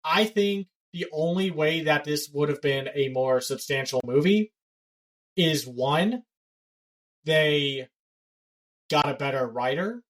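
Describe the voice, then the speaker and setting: A man's voice: fairly high pitch, a bit bright, poor audio. A man co-hosting a casual pop culture podcast, blunt and given to ranting. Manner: blunt, ranting, fast-talking. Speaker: podcast co-host.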